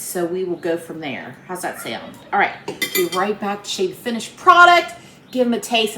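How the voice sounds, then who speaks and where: A woman's voice: mid-range voice, fairly bright tone. A woman with an Appalachian accent hosting a casual cooking vlog from her home kitchen, chatty, homey and upbeat, talking to viewers like friends. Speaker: cooking channel host. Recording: roomy kitchen with faint background hum.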